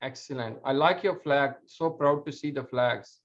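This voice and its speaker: A man's voice: mid-range voice, moderate pace, fairly bright tone. A man hosting an online community meeting, speaking in a friendly, encouraging way with non-native phrasing. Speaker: event host. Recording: dull lo-fi call audio.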